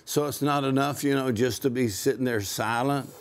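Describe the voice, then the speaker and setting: A man preaching in a conversational way, emphatic, slowing down to quote scripture and laughing now and then. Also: medium pitch, steady tone.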